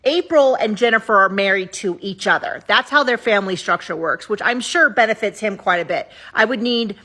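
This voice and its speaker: A woman's voice: mid-range voice, a little fast, sharp tone. A woman giving candid, opinionated casual commentary to camera as a vlogger recapping a show.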